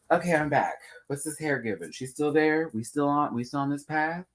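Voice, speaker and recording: Sassy young man chatting, lively pitch. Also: moderate pace, few pauses, background noise. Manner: sassy, chatty, full of camp slang. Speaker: reality TV reviewer. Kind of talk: casual live-stream chat.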